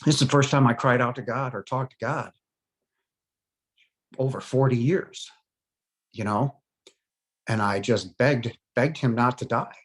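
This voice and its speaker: Speaking at a medium pitch, a middle-aged man describes nearly dying, his account broken up by frequent pauses, fillers, and visible emotion.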